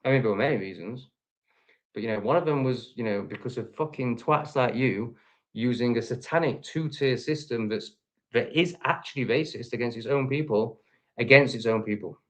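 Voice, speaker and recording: In this reaction video, a man from England speaks in a mid-range voice at a normal speed. The vlogger's angry rant is aimed at his critics and laced with profanity.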